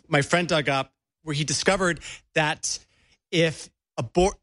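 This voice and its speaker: A man co-hosting political talk radio in a slightly higher-than-usual male voice. He sounds sarcastic and incredulous as he builds his points. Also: fairly bright tone. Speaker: radio co-host.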